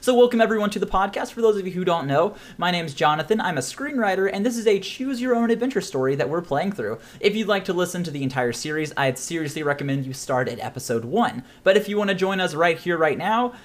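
Lively man narrating as game master. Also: high-pitched, fast, few pauses. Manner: animated, laughs often. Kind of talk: narrating a tabletop role-playing podcast.

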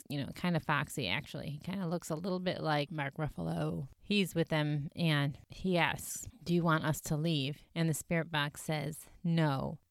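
A woman's voice: low-pitched, clean tone, dry recording, studio quality. A woman casually recapping a ghost-hunting episode as a podcast host, chatty and full of fillers. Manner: chatty, filler-heavy retelling with frequent "like". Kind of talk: casual chat.

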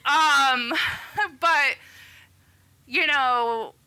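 A woman's voice: high-pitched, drawn-out words, bright, forceful tone. A woman in her thirties, a physician, chatting casually and acting out quotes as she tells a story. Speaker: physician guest. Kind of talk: casual podcast chat.

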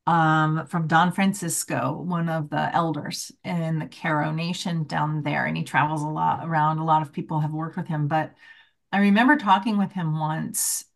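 Middle-aged woman chatting, lowish voice, jumps up high when she quotes people. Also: moderate pace, creaky. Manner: animated, laughs often, acts out quotes in a higher voice. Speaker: guest, shaman teacher. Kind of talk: casual conversational storytelling.

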